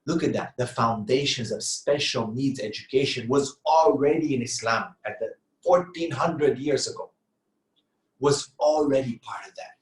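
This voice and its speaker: A man's voice: mid-range voice, moderate pace, roomy sound, rough recording. A middle-aged man giving an earnest sermon-style talk on parenting, asking rhetorical questions and answering them himself. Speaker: Islamic lecturer.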